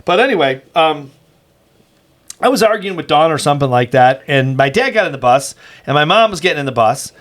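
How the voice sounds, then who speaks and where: A man's voice: on the high side, animated, a little fast, fairly bright tone. A man in his fifties co-hosting a podcast, telling a story in a casual, rambling way, full of restarts and "you know". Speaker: podcast co-host.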